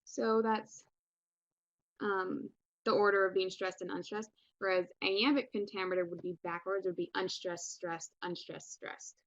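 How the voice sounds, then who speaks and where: A woman's voice: medium pitch, steady tone, a little slow, no echo, muffled recording. A young woman teaching a recorded English lesson in a casual, chatty way, with many ums and restarts. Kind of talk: recorded online class lesson.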